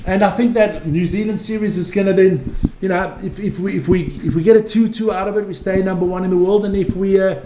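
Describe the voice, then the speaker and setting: A man's voice: high voice, steady tone, fairly quick, mellow. A man casually chatting on a live stream, rambling, repeating himself and swearing freely as he reads viewer comments. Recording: echoey room with faint ambient noise.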